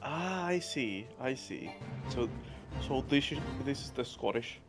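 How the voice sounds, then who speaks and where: Man, casual stream chat, easygoing, lively up-and-down pitch, agreeable. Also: unhurried, over music. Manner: easygoing, agreeable, repeats himself.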